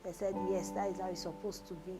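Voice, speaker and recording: A woman's voice: on the low side, fairly even intonation, fast talker, rough recording. A Nigerian woman in her forties, a reality show contestant, tearfully pouring out her hardships in a confessional. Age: 40s. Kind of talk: emotional confessional talk. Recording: music bed underneath.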